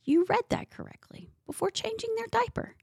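A woman voicing someone reading parenting advice in an exaggerated, mocking, high Australian accent. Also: expressive, fairly quick, gravelly, a little mellow, no echo, clean studio sound, heavily acted. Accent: mock Australian.

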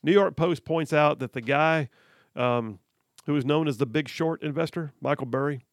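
A man's voice: fairly high pitch, normal speed, slight background noise. A man hosting political talk radio, reading headlines aloud and mocking them with frequent laughs. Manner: sarcastic, laughs often, reads headlines aloud. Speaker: radio talk show host.

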